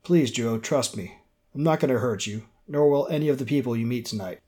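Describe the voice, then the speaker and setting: An earnest, cautious man who speaks calmly and sincerely, as a male narrator voices him. His tone is level and measured, and he sounds close to the narrator's own natural voice. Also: mid-range voice, close to an everyday voice.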